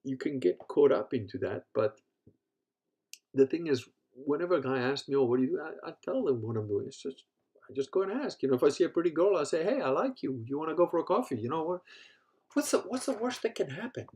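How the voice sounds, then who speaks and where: A man's voice: on the high side, sing-song, fairly quick, mellow. Profane rambling man telling stories. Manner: profane, rambling, laughs often, voices others in quotes. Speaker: podcast host. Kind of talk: casual storytelling chat.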